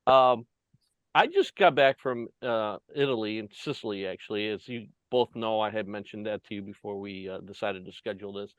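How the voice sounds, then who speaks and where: A man's voice: on the low side, normal speed, no room sound, highs cut off. A man from the United States hosting a casual interview over a video call, telling stories with many fillers and frequent laughs. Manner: laughs often, lively storytelling with many fillers. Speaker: host. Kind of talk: casual chat.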